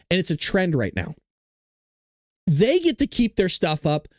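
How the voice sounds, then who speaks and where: A man's voice: sits high, darkish tone, no room sound, clean studio sound. A male show host ranting to his live-stream viewers, frustrated and full of profanity, talking straight to his audience.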